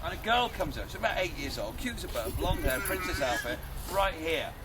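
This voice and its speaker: A man performing a loud, jokey live history show as a castle archer, teasing the audience. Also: a little high, very animated, fairly quick. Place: outdoors at a castle. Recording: windy outdoor crowd noise. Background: crowd and wind.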